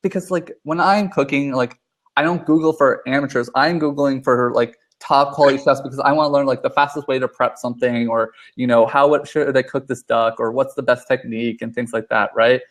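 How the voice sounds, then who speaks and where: A man's voice: mid-range voice, fairly even intonation, brisk. A man on a video call giving casual advice, rambling and full of fillers, with a coaching tone. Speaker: conference speaker giving advice. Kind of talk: casual video group chat.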